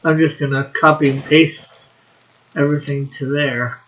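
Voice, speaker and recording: A man's voice: fairly high pitch, flat delivery, moderate pace, a bit bright, slight background noise, low-quality recording. A man hosting a casual livestream, tired and muttering to himself as he sets things up. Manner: tired, mumbling to himself while setting up. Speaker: livestream host.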